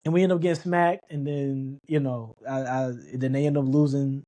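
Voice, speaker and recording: A man's voice: medium pitch, fairly even intonation, normal speed, dark tone. A man hosting a casual talk show, emphatic, often repeating himself and restarting sentences. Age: adult. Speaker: sports podcast host. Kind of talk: casual sports talk monologue.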